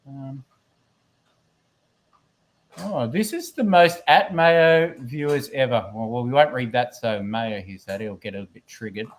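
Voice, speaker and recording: A man's voice: mid-range voice, a little slow, a little hiss or hum. A man chatting casually on a live stream, rambling and joking about himself while reading chat messages aloud. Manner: rambling, self-deprecating, reads chat aloud. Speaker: guest co-host of a live stream. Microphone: computer microphone.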